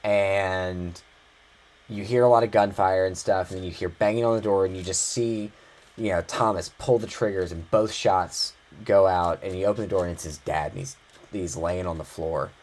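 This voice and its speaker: A man co-hosting a podcast, talking in a relaxed chatty way with halting restarts. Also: sits low. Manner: chatty, with halting restarts and frequent "you know". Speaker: podcast co-host. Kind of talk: casual chat.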